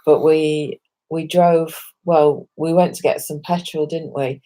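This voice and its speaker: A tired woman in casual chat as a podcast co-host, relaxed and hesitant. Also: deep voice, a little slow.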